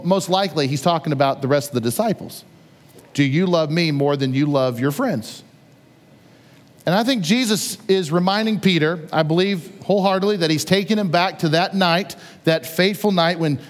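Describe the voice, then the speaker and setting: High-voiced pastor in an echoing hall. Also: male voice. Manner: conversational, animated storytelling with playful asides. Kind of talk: sermon.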